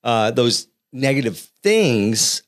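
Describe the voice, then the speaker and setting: A man's voice: medium pitch, very animated, takes it slowly. A man in his forties with a Boston accent co-hosting a casual podcast, rambling with many fillers and restarts and telling stories playfully. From Boston area. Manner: playful storyteller. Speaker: podcast co-host.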